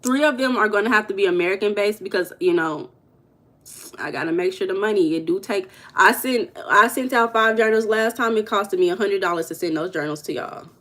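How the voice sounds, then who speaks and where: A woman's voice: mid-range voice, a little fast, fairly bright tone. A woman hosting a casual livestream, chatting straight to her viewers and repeating herself as she goes. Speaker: livestream host.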